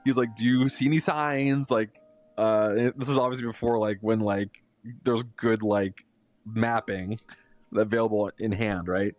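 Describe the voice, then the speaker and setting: Animated young man telling a story. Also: lowish voice, a little slow, faint music behind. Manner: animated, laughs often, lots of fillers. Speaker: live streamer. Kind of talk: casual storytelling.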